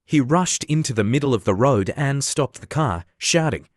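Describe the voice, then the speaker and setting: A man narrating an animated story recap in a steady, scripted reading. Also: mid-range voice, moderate pace, dry recording, studio quality.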